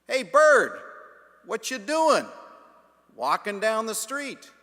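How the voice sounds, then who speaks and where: A man playing a puzzled older male preacher who calls out loudly in disbelief. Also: very high voice, big pitch swings, extremely slow, voice pushed up, heavily acted. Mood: incredulous. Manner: incredulous, calling out loudly. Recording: long church reverb.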